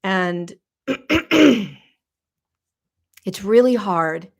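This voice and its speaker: A middle-aged woman hosting a podcast, speaking slowly in a reflective spiritual monologue, halting and emotional as she searches for words. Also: mid-range voice, very animated. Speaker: podcast host.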